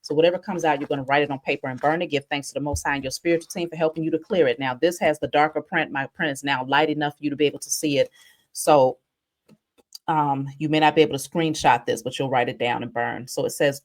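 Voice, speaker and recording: A woman hosting a casual spiritual vlog, telling stories in an animated, chatty way. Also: sits low, quick pace. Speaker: spiritual reader.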